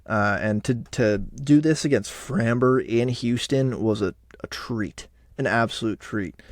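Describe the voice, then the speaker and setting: A man hosting a podcast, recapping baseball games in an animated, profane, excitable way. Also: mid-range voice, dry recording, clean studio sound. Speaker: podcast host. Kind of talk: casual sports recap.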